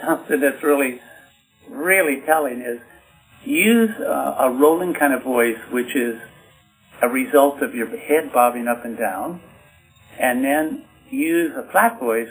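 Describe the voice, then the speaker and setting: A man's voice: mid-range voice, low-quality recording. A man being interviewed as an author, explaining his ideas in an instructive way and showing points by example. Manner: instructive, talks in bottom lines, demonstrates by example. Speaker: author and communication expert guest.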